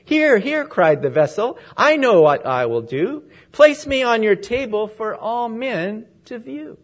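A man's voice: high-pitched, sing-song, measured pace, voice pushed up, heavily acted. A man voicing a shallow, showy brass vessel in a spoken poem. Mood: eager. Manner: eager, showy. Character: shallow loud brass vessel, eager to be seen.

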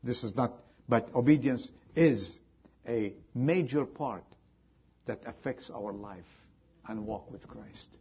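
A man's voice: medium pitch, slow, breathy edge, highs cut off. A man preaching a sermon, earnestly repeating rhetorical questions to his congregation, in slightly non-native phrasing. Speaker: pastor.

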